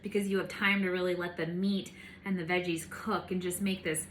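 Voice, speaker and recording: A woman's voice: fairly low pitch, level tone, a little fast, slight background noise. A woman hosting a casual home cooking video, chatty and bubbly with playful asides, in her home kitchen.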